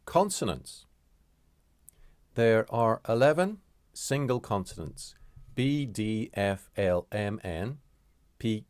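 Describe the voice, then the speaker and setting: A man teaching pronunciation in a deliberate, measured way, often pausing to correct himself. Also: lowish voice, no room sound. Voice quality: halting, with frequent fillers and self-corrections. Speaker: language teacher. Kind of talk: explaining pronunciation rules.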